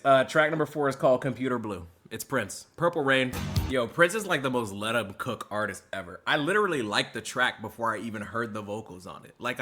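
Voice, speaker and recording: Animated young man reacting to music. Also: mid-range voice. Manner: animated, chatty, leans heavily on "like". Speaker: music reviewer and streamer. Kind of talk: live album reaction.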